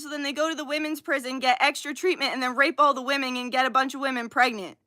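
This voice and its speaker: A woman who reads cards on a live stream, ranting heatedly and yelling with plenty of swearing. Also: sits high, fairly even intonation, quick pace, hardly any pauses, dry recording, clean studio sound. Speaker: livestream card reader.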